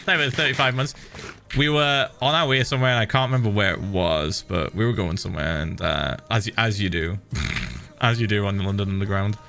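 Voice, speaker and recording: A man chatting casually on a game stream, an animated storyteller who laughs often. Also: fairly low pitch, a little fast, vocal fry, faint music behind. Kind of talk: casual stream chat while gaming.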